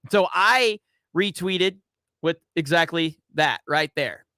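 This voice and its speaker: Male commentary host, high bright voice, dry close sound, sarcastic. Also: takes it slowly, no echo. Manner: sarcastic, mock-earnest. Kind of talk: casual commentary.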